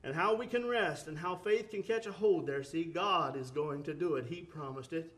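A man's voice: on the high side, normal speed, a bit bright. A man preaching a sermon, earnest, with rising emphatic bursts, often repeating words and restarting phrases.

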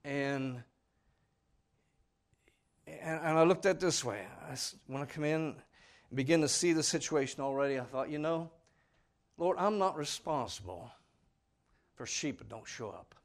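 A man's voice: a little high, animated, moderate pace, pauses often. A man preaching a sermon in a folksy, earnest, pleading way, speaking plainly to his congregation. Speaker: pastor.

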